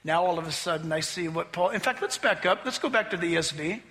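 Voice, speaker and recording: A man preaching a sermon as pastor, animated, acting out voices to make his points. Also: high-pitched, fast. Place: church sanctuary. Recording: long hall reverb.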